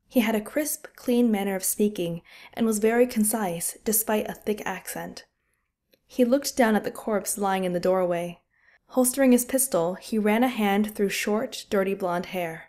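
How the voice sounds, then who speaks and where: A woman narrating a fantasy war audiobook in an expressive, vivid storytelling style. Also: mid-range voice, moderate pace.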